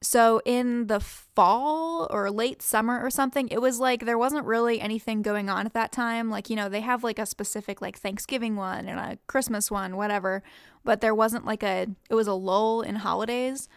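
A woman co-hosting a podcast in relaxed casual chat, with lots of "like" fillers. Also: a little high, normal speed, smooth, dry recording, studio quality. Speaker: podcast co-host.

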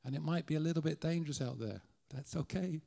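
A man's voice: fairly high pitch, fast talker, creaky, mellow. Irish guy preaching in a church, middle aged, earnest, keeps restarting his sentences. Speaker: guest preacher. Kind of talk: sermon.

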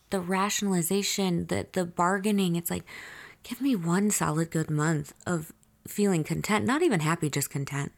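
A woman's voice: mid-range voice, creaky, a little mellow. A woman hosting a confessional diary podcast, telling a personal story candidly and with swearing, speaking straight to her listeners. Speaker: podcast host.

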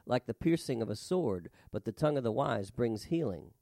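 A man's voice: mid-range voice, expressive, moderate pace, hardly any pauses, a little mellow, no echo, studio quality. A man preaching a sermon and reading scripture aloud, with an emphatic, rhythmic delivery that lifts on key words.

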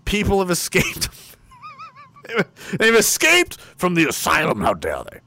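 A man commenting sarcastically on news headlines in a casual, animated way. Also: sits high, unhurried. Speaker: commentary streamer.

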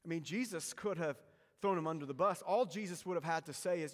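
A pastor preaching a sermon, swinging between forceful emphasis and hushed, soft lines. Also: male voice, on the high side, fairly quick, long reverb tail.

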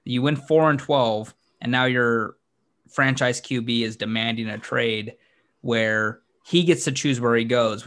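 A man co-hosting a sports podcast in casual chat, animated and quick to laugh, his pitch jumping up when he gets excited. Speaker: podcast co-host.

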